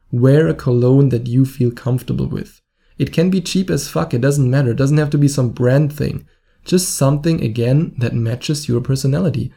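German guy, gravelly and mellow, blunt self-mocking dating advice. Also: mid-range voice. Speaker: dating coach podcast host. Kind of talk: casual advice monologue.

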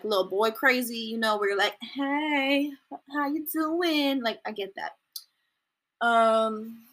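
A young adult woman hosting a casual commentary podcast from home, chatting in a rambling way. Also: a bit bright. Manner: chatty, rambling, with mocking high-pitched impressions. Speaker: podcast host.

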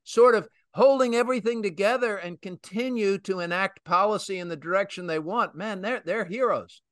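A man's voice: high-pitched, normal speed, a bit bright, no room sound. A man hosting a casual financial talk show, chatty, with teasing jokes. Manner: chatty, teasing, joking asides. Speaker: radio show host.

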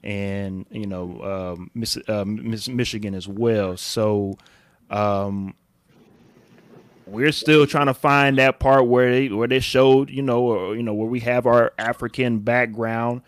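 An American man in casual podcast chat, animated and swearing, often jumping into a high excited pitch. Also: slow pace, no room sound. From United States.

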